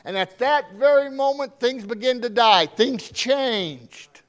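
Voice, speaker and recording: A man preaching a sermon with strong emphasis, swinging between loud declarations and hushed asides. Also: very high-pitched, slow.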